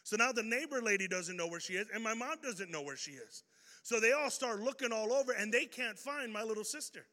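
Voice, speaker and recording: A man preaching an energetic sermon, telling a story and swinging between loud bursts and hushed lines. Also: high voice, fairly quick. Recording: reverberant hall.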